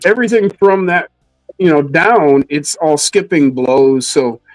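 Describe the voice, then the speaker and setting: A man's voice: measured pace, no room sound, soft background music, poor audio. Laid-back swearing male streamer. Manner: laid-back, swearing, acts out quotes in a high voice. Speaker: co-host. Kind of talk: casual livestream chat.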